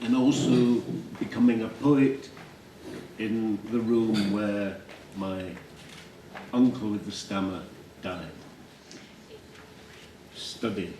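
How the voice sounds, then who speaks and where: A man with a Yorkshire accent, reading his own poems aloud and commenting between them in a measured, deliberate way. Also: lowish voice, mellow, a little hiss or hum. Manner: slow, measured, deliberate delivery. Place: library reading room. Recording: roomy hall, distant mic, faint ambience.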